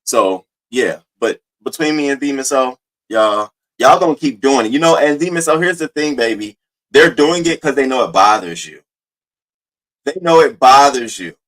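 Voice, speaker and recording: A man hosting a livestream, talking casually and bluntly to his viewers, often profane and animated. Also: mid-range voice, moderate pace, poor audio. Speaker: livestream host.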